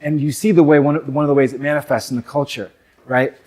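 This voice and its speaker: A man's voice: fairly high pitch, fairly even intonation, quick pace, darkish tone. A young adult man from North America gives a reflective, conversational talk on men's work to a live audience, with many fillers and asides.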